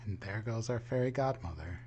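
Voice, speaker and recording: A man's voice: on the low side, animated, fairly quick, a little mellow, a little hiss or hum. A man playing in a tabletop role-playing game, asking the storyteller questions and making quips. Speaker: player.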